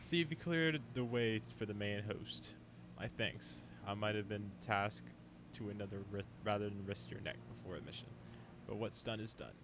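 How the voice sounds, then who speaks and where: A man reading aloud the lines of a male commander briefing a fighter, low and quiet with small stumbles. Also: moderate pace, background noise, close to an everyday voice. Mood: dry. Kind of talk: reading game text aloud.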